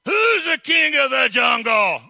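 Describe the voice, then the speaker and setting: A man voicing a boastful, swaggering male lion that shouts challenges at smaller animals. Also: very high voice, big pitch swings, measured pace, vocal fry, no room sound, clean studio sound, pitched above the performer's own voice, heavily acted.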